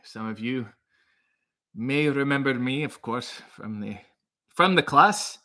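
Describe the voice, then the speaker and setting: A man putting on a fake Scottish accent to play an angry old male math teacher who tells bad jokes, halting and muttering. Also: mid-range voice, lively intonation, pushed and bright, exaggerated voice. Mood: grumbling. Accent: put-on Scottish accent.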